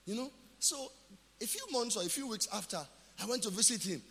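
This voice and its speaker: A male pastor with a Nigerian accent preaching a sermon. He asks questions and answers them himself, then builds to shouted declarations. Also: sits high, expressive, fairly quick, big-room sound. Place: church.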